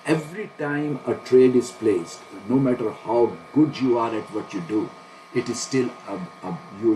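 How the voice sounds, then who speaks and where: A man's voice: medium pitch, darkish tone, a little hiss or hum, low-quality recording. A man day-trading live and talking to his viewers, anxiously questioning himself and laughing nervously as he talks it through. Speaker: day trader streaming a live trade.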